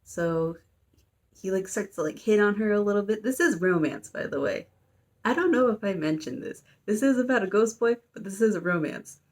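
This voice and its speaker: A woman's voice: medium pitch, normal speed, a little mellow. A young adult woman giving a casual, rambling plot recap, full of fillers and little asides. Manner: rambling, filler-heavy, amused. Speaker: YouTuber.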